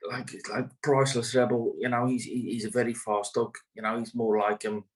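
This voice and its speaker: A man's voice: mid-range voice, little pitch movement, fairly quick, poor audio. A man, a greyhound trainer, talking casually in an interview, rambling with many fillers and restarts.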